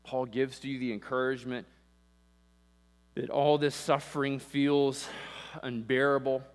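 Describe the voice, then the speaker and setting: A man's voice: medium pitch, little pitch movement, a little slow. A male pastor preaching with passion, rising and falling in force and acting out the voices he quotes, recorded in a church sanctuary on a pulpit microphone. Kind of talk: sermon. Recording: long reverb with mains hum.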